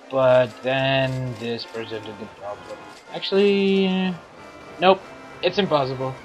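A man's voice: mid-range voice, expressive, slow pace, soft background music. A man with a scratchy throat giving playful, silly commentary while playing a game. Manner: playful, silly self-narration. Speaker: let's play host.

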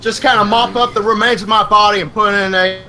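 A man playing a game with friends, loud, swearing and yelling orders. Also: high-pitched, steady tone, fairly quick, slight background noise, low-quality recording. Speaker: game player. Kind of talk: casual gameplay chat.

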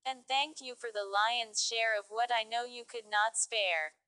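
A woman's voice: fairly high pitch, steady tone, a little slow, sharp tone, smooth, rough recording. A woman voicing a sly, mocking male fox in a storybook fable.

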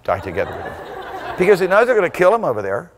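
A male pastor delivers an impassioned sermon in a fairly high voice. He swings between loud, shouted peaks and low, intense stretches. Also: wildly swooping pitch, fast talker, some chatter behind, a little hiss or hum.

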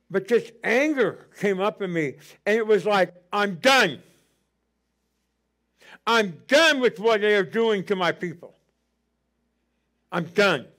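A middle-aged man preaching a sermon as pastor, telling a personal story with passion and rising to near shouting. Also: sits high.

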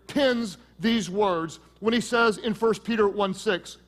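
High-voiced man preaching with dramatic swings. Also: in a large hall. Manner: dramatic swings between loud emphasis and hushed intensity; storytelling with quick asides. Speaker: pastor. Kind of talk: sermon.

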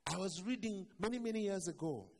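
A male pastor preaching a sermon, telling stories dramatically, with loud declarations that fall to hushed low lines. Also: expressive, fairly quick, gravelly, slight background noise. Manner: acts out the voices in the stories he tells.

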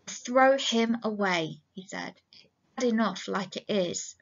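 A woman's voice: mid-range voice, slow pace, gravelly, breathy edge, exaggerated voice. A woman voicing a big, simple-minded man who is frightened and pleading, talking in a childlike way and repeating himself. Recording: dull lo-fi recording.

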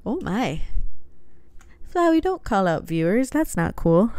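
A woman's voice: medium pitch, big pitch swings, normal speed, darkish tone, smooth, no echo. Giggly woman joking over a game. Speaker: let's player. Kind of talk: casual gameplay commentary.

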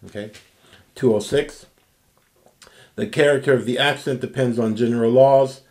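A man teaching a recorded Greek grammar lesson, explaining slowly and patiently and checking in with "okay?". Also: medium pitch, fairly even intonation, a little mellow. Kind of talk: recorded language lecture.

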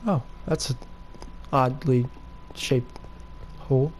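A man giving casual gameplay commentary with excitable, cursing outbursts. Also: medium pitch, slow, slight background noise. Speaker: gaming video creator.

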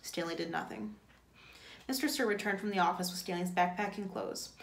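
A woman teacher reading a novel aloud to a class in a plain, steady way. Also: lowish voice, a little fast, gravelly, slight background noise. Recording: echoey room.

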